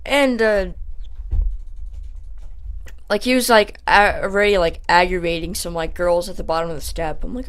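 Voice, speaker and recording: A young man telling a casual storytime vlog, rambling with lots of fillers and growing animated as he retells the story. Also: high voice, normal speed, long pauses, clean tone. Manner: animated when retelling the fight. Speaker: channel host.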